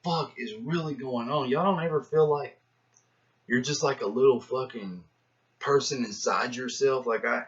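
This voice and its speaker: A man drifts through a loose philosophical monologue, slangy and full of swearing, and grows animated as he plays out the voices in his head. His voice sits at an ordinary middle pitch. The recording is dull and lo-fi. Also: moderate pace. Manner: profane, slangy, animated, acts out inner voices. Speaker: rapper musing to camera. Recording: dull lo-fi sound.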